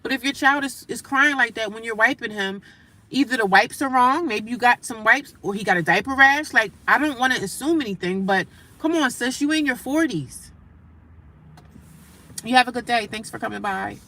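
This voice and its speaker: A woman livestreaming casual talk from her daily life, animated and emphatic, repeating her points and breaking off to greet passersby. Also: on the high side, normal speed. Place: homeless shelter area.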